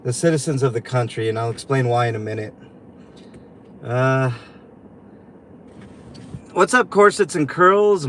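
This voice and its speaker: A man hosting a livestream from inside a vehicle, venting in a halting, upset way and greeting viewers. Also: fairly high pitch, a little hiss or hum. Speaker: livestream host. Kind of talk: livestream commentary.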